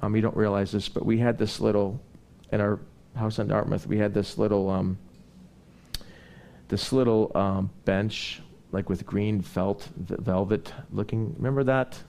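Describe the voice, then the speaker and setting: A man preaching a sermon, telling personal stories in a rambling, conversational way and building into animated preaching. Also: on the low side, measured pace, gravelly.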